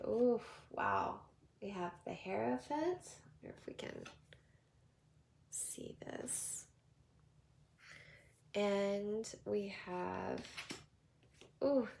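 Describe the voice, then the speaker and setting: A woman with a Southern accent giving a tarot card reading, talking softly and prayerfully, slipping into whispers. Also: mid-range voice, vocal fry, a little hiss or hum. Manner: slow, soft, prayerful delivery with drifting whispers. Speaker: tarot reader.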